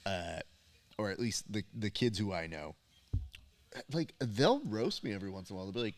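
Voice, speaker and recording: Low-voiced man hosting a casual chat. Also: lively intonation, brisk. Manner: talkative, laughs often, acts out quoted dialogue. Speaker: podcast host and jiu-jitsu coach.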